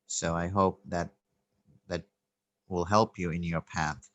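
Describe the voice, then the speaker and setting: A man giving a spiritual talk, telling a story in a gentle, reflective way with soft laughs and hesitant restarts. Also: deep voice, steady tone, takes it slowly, no room sound. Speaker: spiritual teacher.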